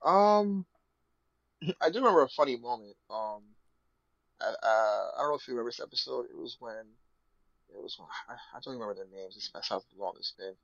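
Animated guy chatting, bouncy high voice, laughs a lot, dry muffled lo-fi audio. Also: a little fast, no room sound. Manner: animated, laughs often, breaks into high squealing imitations. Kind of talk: casual chat.

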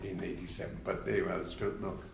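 An older man, a former party leader, telling anecdotes in an unhurried interview, with many fillers and wry laughs. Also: low-pitched, level tone, vocal fry, echoey room, a little hiss or hum. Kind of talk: reflective interview conversation.

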